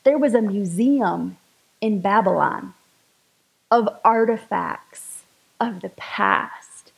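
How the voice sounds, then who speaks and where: A woman's voice: medium pitch, slow pace, gravelly, low-quality recording. A woman giving a chatty, enthusiastic sermon-style talk to a spiritual community gathering.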